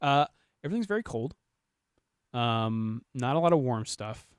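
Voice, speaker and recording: Relaxed man with dry close sound. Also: medium pitch, clean tone, dry recording. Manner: relaxed, halting with fillers and soft trailing lines. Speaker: traveler sharing trip photos. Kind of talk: casual chat.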